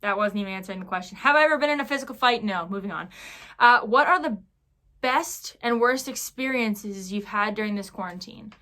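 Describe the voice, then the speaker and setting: A woman's voice: medium pitch, lively intonation, brisk, bright, forceful tone. A young woman talking casually in a vlog Q&A, chatty and full of fillers, telling stories with animation. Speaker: YouTuber.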